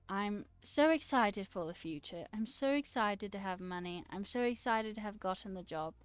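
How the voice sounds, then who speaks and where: A woman streaming casually, reading her chat aloud and chatting back, laughing often. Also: mid-range voice. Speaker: livestreamer and new software engineer.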